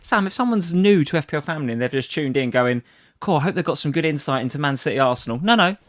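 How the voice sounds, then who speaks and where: Fast-talking man on a stream. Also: fairly high pitch, lively intonation. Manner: chatty, reads viewer comments aloud. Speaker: co-host. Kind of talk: casual chat.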